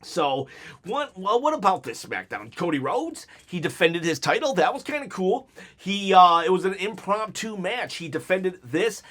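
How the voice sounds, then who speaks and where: A man's voice: high voice, sing-song, normal speed, a bit bright. A man giving an unscripted one-take review of a wrestling episode, rambling and joking as he goes off on tangents.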